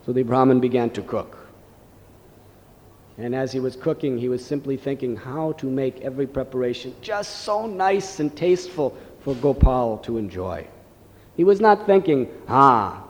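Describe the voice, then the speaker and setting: A man telling a devotional story in a gentle, reverent sermon style. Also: medium pitch, expressive, moderate pace. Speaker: preacher. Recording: long hall reverb.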